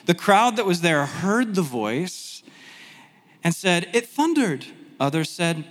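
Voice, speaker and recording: A man teaching a sermon in a conversational, animated way, with self-deprecating asides. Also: fairly high pitch, takes it slowly, big-room sound. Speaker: pastor.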